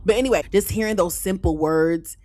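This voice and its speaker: A woman's voice: on the low side, fairly quick, mellow. A young woman, hosting a casual storytime podcast and calling listeners girl, child and honey. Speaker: podcast host.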